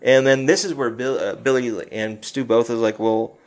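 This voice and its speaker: A man's voice: mid-range voice, normal speed. Casual man recapping a film. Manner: animated retelling, acting out lines, swearing, laughing. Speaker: podcast co-host recapping a film. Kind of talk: casual chat.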